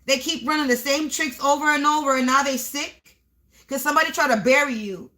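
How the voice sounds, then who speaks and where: A woman gives a spiritual reading to the camera. Her voice sits high and sounds bright and forward. She talks in emphatic, repeating bursts and sometimes yells. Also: a little fast. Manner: emphatic, repetitive, breaks into yelling. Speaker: spiritual reader. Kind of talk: live tarot-style energy reading.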